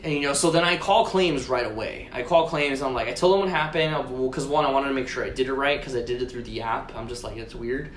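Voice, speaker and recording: A man's voice: medium pitch, quick pace, few pauses. A man co-hosting a podcast, telling a long story in casual chat, swearing and acting out both sides of a conversation. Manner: profane, rambling, retells conversations. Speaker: podcast co-host. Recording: roomy echo with faint noise.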